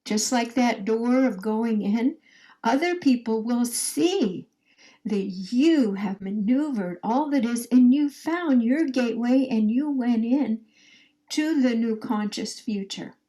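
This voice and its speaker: A woman leading a guided meditation in a soft, drawn-out way, her phrases trailing off into whispers as she invites listeners to repeat affirmations after her. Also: on the high side, low-quality recording. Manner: leads call-and-response affirmations.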